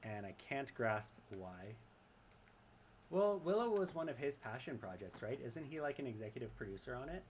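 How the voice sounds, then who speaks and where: A man's voice: medium pitch, very animated, moderate pace, a little hiss or hum. A man casually commenting on his gameplay and reading chat aloud, chatty and rambling and often laughing. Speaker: streamer.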